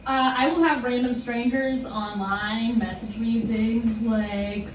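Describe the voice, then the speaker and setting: A woman's voice: fairly high pitch, steady tone, slow pace, hardly any pauses. A young woman doing a live stand-up set in a small club, self-deprecating and chuckling through her punchlines. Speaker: stand-up comedian. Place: small comedy club theater, live audience. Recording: echoey club room, distant, noisy.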